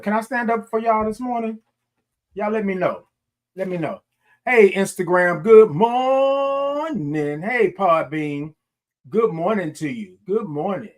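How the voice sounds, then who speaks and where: A man from Houston with a Southern Texas twang, hosting a casual morning livestream, folksy and repetitive, greeting viewers by name. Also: sits high. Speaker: morning show host.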